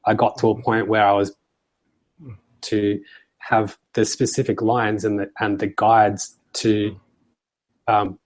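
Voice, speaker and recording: Man, lowish voice, hesitant, searching for words, casual chat. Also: flat delivery, slow, long pauses. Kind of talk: casual discussion.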